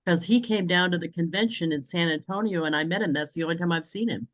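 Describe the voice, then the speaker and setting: A woman's voice: on the low side, fast talker, dry recording. A woman from New England hosting a casual video-call chat, talking freely and laughing often. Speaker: host.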